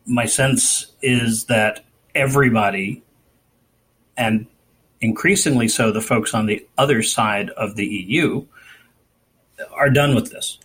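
A man on a political discussion panel, speaking in a measured, analytical way. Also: mid-range voice, fairly bright tone, breathy edge, poor audio.

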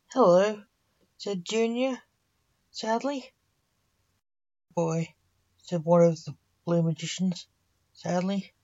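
A woman narrates a story at an unhurried, slow pace, her voice low and mellow. She keeps an even storytelling manner throughout, and the recording sounds dull and lo-fi.

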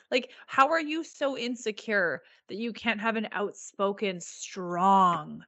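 A woman's voice: mid-range voice, unhurried, hardly any pauses, a bit bright, dry recording, lo-fi sound. A woman co-hosting a casual podcast chat, ranting heatedly and swearing. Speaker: podcast co-host.

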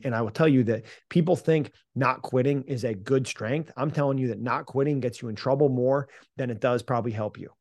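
A man's voice: mid-range voice, a little mellow, no room sound. Emphatic man telling a story, dry sound. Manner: emphatic, punchy, casual swearing, calls listener "man". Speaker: mental performance coach, podcast guest. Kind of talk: animated storytelling in an interview.

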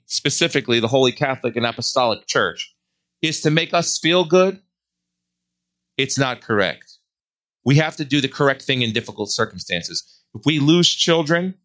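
A man speaking as host of a religious commentary show, in a bright, forceful voice. He preaches earnestly and drives his points home with slow, repeated phrases. His pitch sits in an ordinary middle range for a man.

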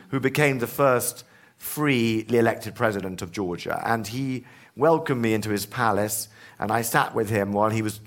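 Man telling animated anecdotes. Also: lowish voice. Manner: animated anecdotes with many restarts and asides. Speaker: author and historian guest. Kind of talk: storytelling in conversation.

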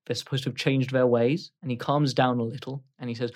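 A man's voice: mid-range voice, flat delivery, fast. A man narrating as game master of a tabletop role-playing game, voicing characters as he goes. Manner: acts out characters' lines loudly.

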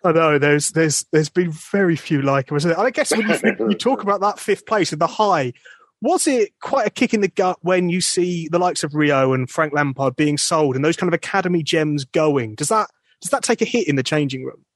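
A man's voice: fairly high pitch, a little fast, dry recording. A man hosting a fan podcast, asking questions in a chatty way with laughs and restarts. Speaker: podcast host. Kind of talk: casual interview chat.

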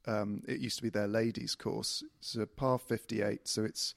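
A man's voice: fairly low pitch, flat delivery, moderate pace, gravelly, no room sound, studio quality. A man guesting on a golf podcast, telling stories casually with self-mocking humour. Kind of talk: casual chat.

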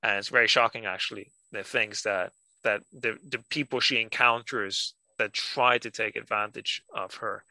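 A man's voice: on the low side, steady tone, moderate pace, sharp tone, dry recording, rough recording. A man co-hosting a book podcast, rambling hesitantly with lots of "like" as he talks about a novel. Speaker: podcast co-host. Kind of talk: casual chat.

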